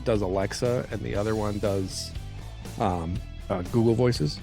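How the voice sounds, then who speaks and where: A man with a low, gravelly voice co-hosts a podcast from a job trailer. He talks in a laid-back, blunt way and swears casually. A soft guitar plays underneath. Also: measured pace. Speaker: podcast co-host. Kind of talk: casual chat.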